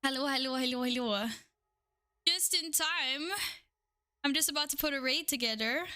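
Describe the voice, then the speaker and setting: Giggly high-voiced woman streamer. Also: moderate pace, pushed and bright. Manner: giggly, swears casually, reacts to chat. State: out of breath. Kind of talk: casual live-stream chat.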